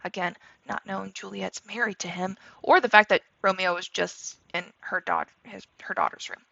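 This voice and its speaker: A woman's voice: medium pitch, fairly even intonation, moderate pace, gravelly, sharp tone, no room sound, dull audio. A woman teacher explaining a play in a casual, chatty way, checking in with her listeners as she goes. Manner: casual and chatty, with fillers like "like" and "okay". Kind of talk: literature lesson commentary.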